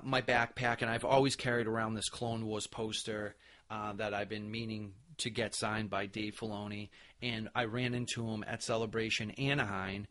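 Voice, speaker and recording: A man hosting a podcast, telling a convention story in an excited, animated way with many fillers. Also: mid-range voice. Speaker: podcast host. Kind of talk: casual storytelling recap.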